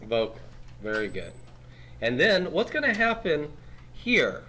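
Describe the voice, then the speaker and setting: A man's voice: a little high, wildly swooping pitch, a little slow, pushed and bright, slight background noise. A man teaching grammar in a classroom lecture, quizzing students and tagging his points with "right?". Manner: patient, steps through rules on a board.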